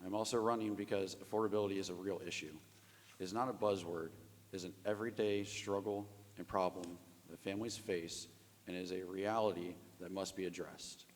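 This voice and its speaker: A man in his thirties from Ohio giving a prepared opening statement as a candidate, his voice going hoarse. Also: sits low, steady tone, brisk. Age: 30s. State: losing his voice. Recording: long reverb of a hall.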